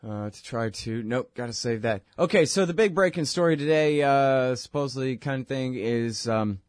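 Rambling, sarcastic talk show host. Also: male voice, mid-range voice, moderate pace, no room sound, clean studio sound. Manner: rambling and sarcastic, many fillers. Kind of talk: casual political talk monologue.

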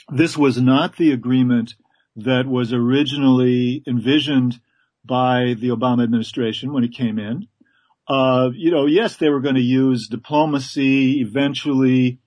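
Male author guest, thoughtful, halting delivery, mid-range voice. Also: mid-range voice, a little mellow. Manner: measured, hesitant, fills with uh. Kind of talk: interview answers.

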